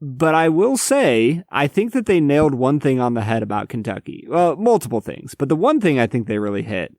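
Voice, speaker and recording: A man's voice: mid-range voice, sing-song, moderate pace, a little mellow, no echo, studio quality. A young adult man co-hosting a podcast in a laid-back, reflective way, calling his friend man and dude. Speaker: podcast co-host. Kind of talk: casual chat.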